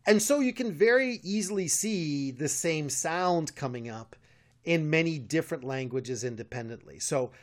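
An American man, a medievalist co-hosting a podcast, speaks in a slightly high, animated voice at a normal pace. He explains things at length in a casual chat, full of fillers and restarts, chuckling often. He's recorded on a studio mic.

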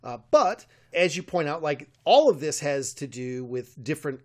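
American man, podcast co-host, somewhat high-pitched, halting, many fillers, studio mic. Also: sing-song. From United States. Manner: halting, lots of fillers and restarts, chuckles often. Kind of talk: casual podcast chat.

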